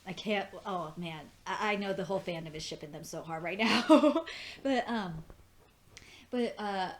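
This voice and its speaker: Excitable, profane young woman reviewing. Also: lowish voice. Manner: excitable, profane, gushing, squeals and laughs. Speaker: video reviewer. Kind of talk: excited casual episode review.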